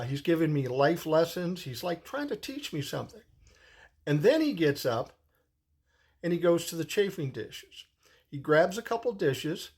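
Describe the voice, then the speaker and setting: A man's voice: on the high side, darkish tone. A man in his sixties telling a personal story in a casual, rambling way, swearing freely as he goes. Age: 60s. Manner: profane, rambling, conversational.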